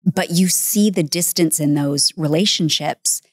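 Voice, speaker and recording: Low-voiced woman affirming on a podcast. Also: unhurried, no echo, studio quality. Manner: warm, affirming, reflective. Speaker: podcast host and mother. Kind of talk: conversational podcast talk.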